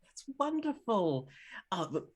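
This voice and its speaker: A woman's voice: medium pitch, sing-song, takes it slowly. A woman voicing a polite, easily flustered father in a tabletop game, with ornate, apologetic manners. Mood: warm, explaining. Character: gracious, flustered middle-aged father.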